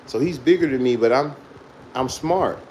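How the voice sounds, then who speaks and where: A man's voice: mid-range voice, normal speed, a little mellow, a little hiss or hum, rough recording. Laid-back man telling a story, laughing. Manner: loose, profane, laughs through his story. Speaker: vlogger telling a childhood story. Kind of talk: casual storytelling monologue.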